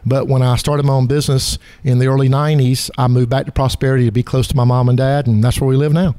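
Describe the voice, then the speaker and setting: Southern man, warm and folksy. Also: medium pitch, level tone, quick pace, dry recording. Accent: Southern American. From South Carolina. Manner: folksy, self-deprecating, earnest. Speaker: guest author. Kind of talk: casual interview.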